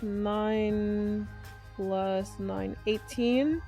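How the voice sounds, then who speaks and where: A tired woman playing in a tabletop game, adding up her dice rolls out loud. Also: mid-range voice, steady tone, soft background music. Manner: unhurried, tallies dice out loud. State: tired, yawning. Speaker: player. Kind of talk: tabletop game play, casual chat.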